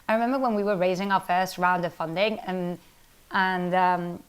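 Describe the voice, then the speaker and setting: A woman who founded a company, talking casually in an interview, quick and animated, full of "like" and "literally". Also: fairly low pitch, clean tone. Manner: fast, animated, heavy use of "like" and "literally". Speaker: startup founder and CEO, interview guest.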